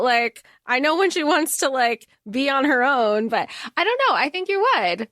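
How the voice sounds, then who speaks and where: A woman co-hosting a podcast, excitedly retelling book scenes with acted quotes and casual swearing. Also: high-pitched, moderate pace, few pauses, no echo, studio quality. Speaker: podcast co-host.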